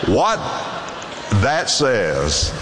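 A man's voice: mid-range voice, wildly swooping pitch, drawn-out words, very noisy. A man preaching a sermon, reading scripture aloud and expounding it with sweeping emphasis. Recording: long hall reverb.

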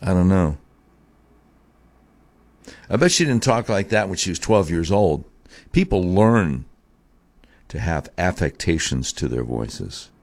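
Male talk host, very low voice, dry close sound, opinionated and drawling. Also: animated, slow, long pauses, no room sound. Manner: opinionated, drawling, mocking asides. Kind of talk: political talk commentary.

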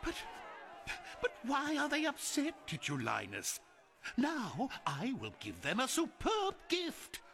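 An actor playing a vain, paranoid Roman emperor who thinks himself a god, pompous and petulant. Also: male voice, very high-pitched, wildly swooping pitch, slow pace, creaky, pushed and bright, exaggerated voice. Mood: imperious. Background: music.

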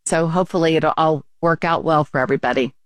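A woman co-hosting a casual talk show, telling a story with animated quotes and laughs. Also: low-pitched, fast, no echo, studio quality.

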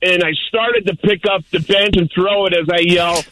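An older man calling into a talk show, telling a rambling story in a gruff, joking way. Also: high voice, fairly even intonation, moderate pace, fairly bright tone, poor audio. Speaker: caller. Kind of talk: casual phone-in chat.

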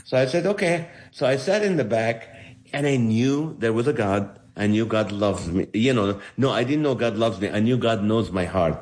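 A man's voice: on the low side, normal speed. A man from the Middle East, a comedian, telling his life story in an interview and acting out the voices of the people in it. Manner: animated, acts out the voices of people in his stories.

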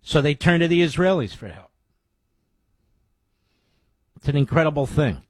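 A man's voice: on the high side, lively intonation, moderate pace, no room sound. A man hosting a talk radio show, giving blunt political commentary in short declarative statements.

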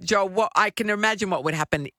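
An Australian radio co-host chatting and teasing in casual studio banter, quick with asides. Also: mid-range voice, pushed and bright, no room sound.

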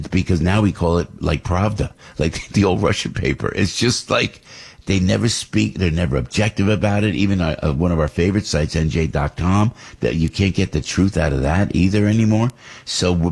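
Gravelly deep-voiced talk radio man. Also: a little mellow. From New Jersey. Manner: rambling, indignant ranting. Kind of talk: political talk radio monologue.

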